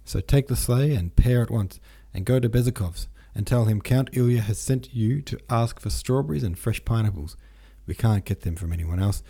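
A man's voice: fairly low pitch, moderate pace, gravelly, few pauses, dark tone, breathy edge. A man reading an audiobook, voicing a fussy, flustered old count who gives orders with many exclamations.

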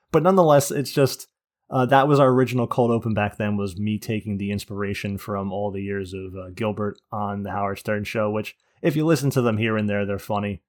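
A man hosting a casual gaming podcast, crude and sardonic, swearing often. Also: lowish voice. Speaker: podcast host.

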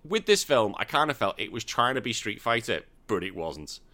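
A man hosts a casual podcast chat, and his voice has a bright, forward ring. He recaps a film with plenty of swearing and mockery, putting on the characters' lines as he goes. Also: on the low side, big pitch swings, normal speed. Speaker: podcast host.

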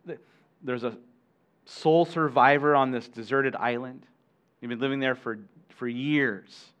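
A man's voice: medium pitch, steady tone, a little slow. Conversational male pastor preaching. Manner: conversational, warm asides to congregation, self-correcting restarts. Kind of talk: sermon.

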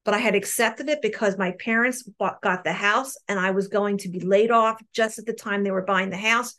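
A woman's voice: medium pitch, fairly even intonation, moderate pace, a bit bright. A middle-aged woman with a New Jersey accent, sharing her recovery story frankly and earnestly on an online meeting call, often repeating words as she goes. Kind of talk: personal recovery share.

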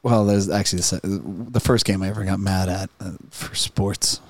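A man's voice: deep voice, fairly even intonation, moderate pace, no room sound. Man, podcast co-host, blunt, profane, exasperated, dry close sound. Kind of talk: casual chat.

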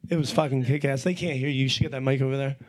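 A man's voice: medium pitch, fairly even intonation, racing. A man hosting a casual podcast from home, telling rambling, profane stories while stoned. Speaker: podcast host. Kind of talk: casual chat.

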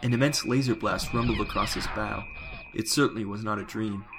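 A man reading a science fiction audiobook in a measured, descriptive way. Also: lowish voice, noisy background. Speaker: narrator. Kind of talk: scripted sci-fi audiobook narration. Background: music.

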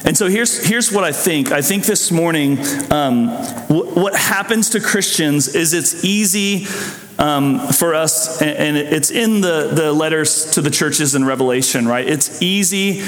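A man preaching a sermon as pastor, conversational and animated, often restarting and throwing in asides. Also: fairly high pitch, a little slow. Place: church sanctuary. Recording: echoey hall.

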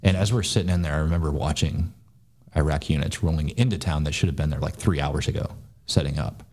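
A deep-voiced man talks fast and bluntly, swearing freely as he tells a long story. He is a former soldier speaking as a podcast guest, relaxed and conversational. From United States. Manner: blunt, profane, fast-talking. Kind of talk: casual storytelling.

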